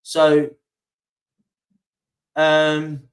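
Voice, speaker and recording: A chatty man with a fairly high voice hosts a live stream from home, meandering through numbers and comments with plenty of ums. His voice sits a little back from the mic. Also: monotone, very slow, far from the mic. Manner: rambling, chatty, reads out stats with many fillers. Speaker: livestream host. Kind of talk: casual live-stream chat reading viewer comments.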